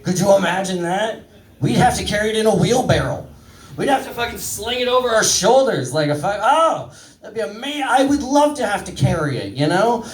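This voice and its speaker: A man's voice: high-pitched, very animated, a little fast. A man in his thirties doing a stand-up set, rambling and crude, mocking himself as he talks to the crowd. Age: 30s. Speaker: stand-up comedian. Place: comedy club stage. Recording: echoey room, voice from far off.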